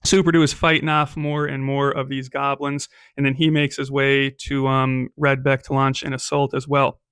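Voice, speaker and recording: A man at medium pitch narrates his own solo tabletop game, describing the action and rolling dice as he goes. He talks casually, often checking in with a "right?" or an "um". The sound is dry and close, with no room around it. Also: level tone, moderate pace, a bit bright, clear, resonant tone, no room sound.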